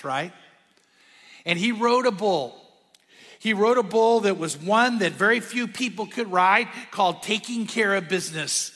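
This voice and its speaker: Male pastor, high bright voice, lively sermon delivery, big hall reverb. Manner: energetic, conversational preaching with sudden drops to a hush.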